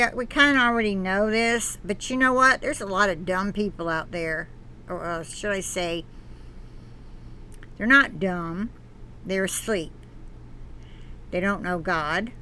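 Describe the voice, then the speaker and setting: The host of her own channel, speaking in a mid-range voice with a sharp tone, reads passages from an article and pauses between them for earnest sermonizing. She halts and restarts often.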